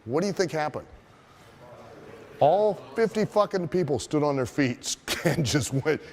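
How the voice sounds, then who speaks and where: A man who is a wrestling trainer telling a story as a lesson, profane and animated, asking his listeners rhetorical questions. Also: on the high side, normal speed, slight background noise.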